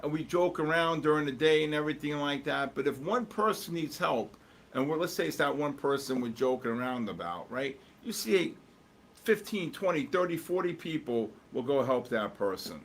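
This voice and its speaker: Here the trading-stream host speaks at normal speed with lively intonation and a fairly high pitch, a little hiss or hum behind him. He jokes around and chats casually with viewers, replying to chat as he watches charts and calls out market moves.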